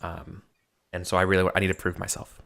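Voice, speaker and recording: A man's voice: deep voice, monotone, fairly quick, vocal fry, fairly bright tone. A man playing in a tabletop game, easygoing and a bit hesitant. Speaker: player. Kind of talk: casual role-play chat.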